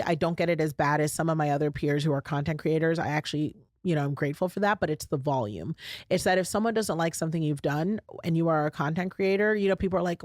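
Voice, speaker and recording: Chatty low-voiced woman podcast host. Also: no echo, studio quality. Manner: chatty, emphatic, addresses listeners as y'all. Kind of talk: casual solo podcast talk.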